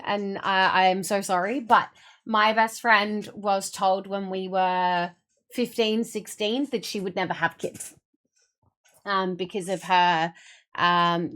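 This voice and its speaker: A woman's voice: a little high, a bit bright. A young adult woman streamer chatting casually with her viewers, telling a long, emotional story in a rambling way.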